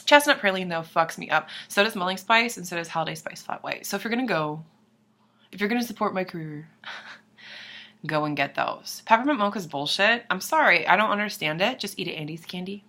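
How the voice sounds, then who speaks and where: Bright-voiced young woman rambling to camera. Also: on the low side, lively intonation, fairly quick. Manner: rambling, profane, self-deprecating, drops into whispers. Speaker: vlogger. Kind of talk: casual chat to camera.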